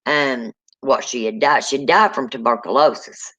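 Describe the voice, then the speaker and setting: A woman's voice: extremely low pitch, moderate pace, fairly bright tone, husky. A woman tells ghost stories in a folksy, rambling way. She often starts a sentence over and calls the listener "honey." Her voice comes through dull, lo-fi call audio. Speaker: guest telling ghost stories. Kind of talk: casual storytelling chat.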